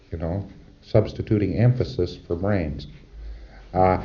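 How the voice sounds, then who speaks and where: A deep-voiced man delivers a lecture, emphatic and rhetorical, often checking in with his audience. The recording is dull and lo-fi, like a 1960s lecture tape. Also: steady tone, moderate pace.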